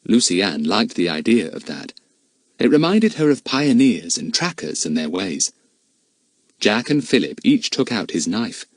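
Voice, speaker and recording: Guy reading a kids' audiobook, very lively up-and-down voice, a bit breathy. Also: on the low side, unhurried, dry recording. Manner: lively, expressive storytelling. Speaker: audiobook narrator. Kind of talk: children's audiobook narration.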